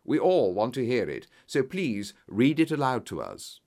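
A man voicing a confident, sharp-minded male detective in a storybook reading, brisk and commanding as he explains. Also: medium pitch, sing-song. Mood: triumphant.

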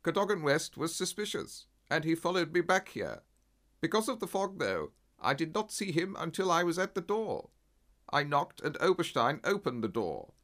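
A man voicing a cornered middle-aged colonel who pleads in high-strung outbursts. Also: big pitch swings, normal speed, fairly bright tone. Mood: confessing.

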